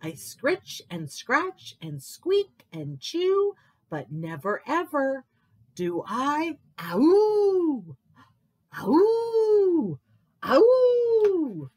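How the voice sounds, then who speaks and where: A woman reads as a tiny storybook mouse, pitched up high and squeaking out every word in a jittery, anxious way. The voice swoops and jumps about, drawn out slowly. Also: wildly swooping pitch, husky, no room sound, heavily acted. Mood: nervous squeak. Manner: squeaky, nervous. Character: timid tiny male mouse, nervous and squeaky.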